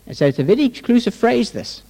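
A man's voice: very high-pitched, sing-song, fast, gravelly, mellow. A man preaching a sermon as pastor, opening with a prayer and then stressing points emphatically. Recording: long reverb of a hall.

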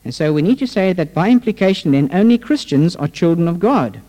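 A man's voice: high-pitched, expressive, a little fast, mellow. A man preaching a sermon as pastor, opening with a prayer and then stressing points emphatically. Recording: long reverb of a hall.

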